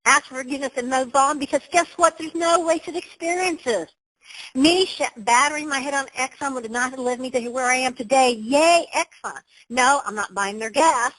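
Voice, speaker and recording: A woman's voice: high-pitched, normal speed, fairly bright tone, rough recording. Emphatic upbeat woman presenter. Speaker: webinar presenter. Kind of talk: motivational webinar talk. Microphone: computer.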